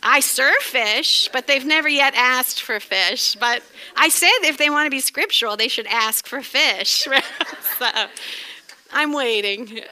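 A middle-aged woman with a New England accent teaching a sermon in a chatty way, laughing often and breaking into lively exclamations. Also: high voice, measured pace. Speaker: Bible teacher.

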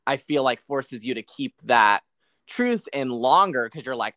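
Chill guy cohosting a podcast, mid-pitched voice, dry close mic, lots of "like". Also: expressive, a little slow, a bit bright, no echo. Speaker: podcast co-host. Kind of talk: casual chat.

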